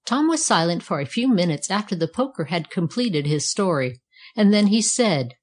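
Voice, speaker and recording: A woman narrating a children's storybook aloud at a steady, even pace. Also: on the low side, moderate pace. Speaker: audiobook narrator. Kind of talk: storybook reading.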